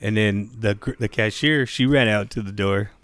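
A man's voice: lowish voice, moderate pace, a bit bright, no echo. Guy telling a wild story, cussing nonstop, laughing, dry close sound. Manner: profane, laughing anecdote teller. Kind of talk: casual storytelling chat.

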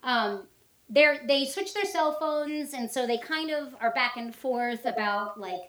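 A woman co-hosting a podcast in casual chat, telling a story in an animated way. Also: sits high, a little slow, roomy sound. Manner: animated storytelling, acts out quotes. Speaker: podcast co-host.

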